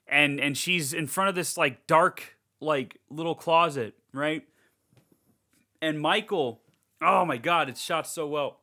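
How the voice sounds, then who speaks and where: A man co-hosting a horror podcast, recapping a film in an excitable, rambling casual chat and swearing freely. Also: a little high, takes it slowly. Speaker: podcast co-host.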